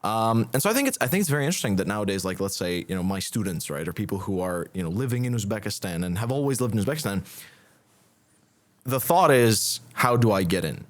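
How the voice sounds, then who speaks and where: A man with a somewhat low voice shares his views on a casual panel. He speaks thoughtfully, hedging with phrases like "I think". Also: animated. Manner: thoughtful, measured, hedging opinions. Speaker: English teacher, panelist.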